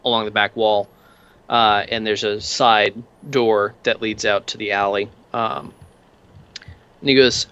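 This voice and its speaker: A man's voice: lowish voice, flat delivery, unhurried, fairly bright tone, clean tone, lo-fi sound. A man narrating a tabletop game as game master, describing scenes loosely with many fillers.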